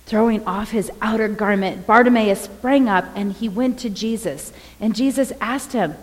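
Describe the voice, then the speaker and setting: Female preacher, mid-pitched, expressive storyteller; long hall reverb on the voice. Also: normal speed, few pauses, slight background noise. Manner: expressive, dramatic retelling of scripture. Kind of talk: sermon.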